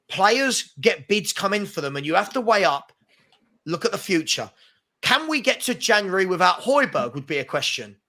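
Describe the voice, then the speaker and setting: A man hosts a live football talk show and rants at length. His voice sits high and sounds bright and forceful. He keeps pressing his points insistently. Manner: ranting, insistent. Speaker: host. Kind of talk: heated football chat.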